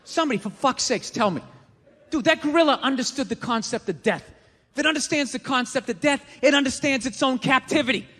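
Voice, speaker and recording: High, bright ranting comedian. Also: male voice, brisk. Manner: ranting, profane, exasperated. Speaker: stand-up comedian. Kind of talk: stand-up comedy routine. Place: comedy venue stage. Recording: stage mic with long hall reverb, faint room noise.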